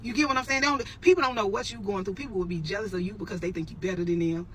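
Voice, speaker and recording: Animated woman telling a story straight to camera. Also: medium pitch, rapid-fire, slight background noise, rough recording. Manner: animated, addresses viewers as y'all, emphatic repetitions. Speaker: storytelling vlogger. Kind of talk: casual storytelling to viewers.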